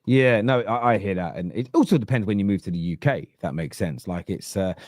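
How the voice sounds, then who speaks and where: A man with a Cockney accent hosting a casual football chat, rambling and animated, with lots of restarts. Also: lowish voice, a little fast, no echo. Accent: London Cockney.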